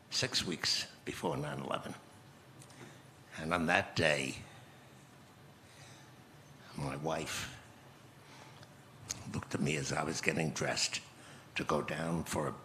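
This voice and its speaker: A man in his eighties telling a personal story slowly and reflectively as a guest in a conference interview, often restarting his phrases. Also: extremely low pitch, pushed and bright, slight background noise. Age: 80s. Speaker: guest speaker.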